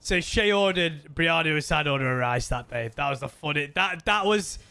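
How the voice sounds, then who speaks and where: Male game streamer: high, bright voice, chatty and rambling with viewers. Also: brisk, vocal fry, smooth. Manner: rambling, laughing storyteller talking to chat. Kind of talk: casual live-stream chat.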